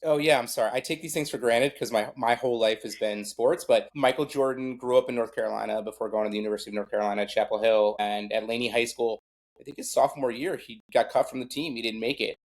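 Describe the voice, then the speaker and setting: A man's voice: medium pitch, steady tone, fast. A middle-aged man, a guest on a podcast, talking casually about sports in a rambling way full of fillers and self-deprecating asides. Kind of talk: casual conversation.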